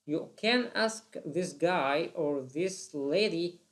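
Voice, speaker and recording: A teacher talks through a lesson at an unhurried, deliberate pace. The delivery is halting, full of "uh" fillers, and often circles back to restart a phrase. The pitch sits in an ordinary middle register. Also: animated. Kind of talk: explaining a lesson.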